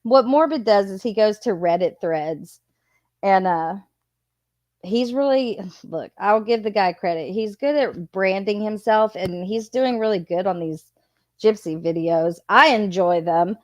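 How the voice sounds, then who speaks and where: A woman's voice: medium pitch, a little slow, a little mellow, no echo. Lady streamer just chatting, laughs a lot, cusses, dead dry mic. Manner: laughs often, profane and chatty. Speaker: streamer reviewing a video. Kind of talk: casual commentary.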